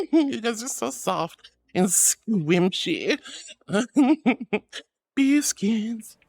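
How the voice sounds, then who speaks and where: A woman's voice: medium pitch, lively intonation, very slow, vocal fry, a little mellow, no echo. Bubbly, giggly young woman streamer. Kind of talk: casual live-stream chat.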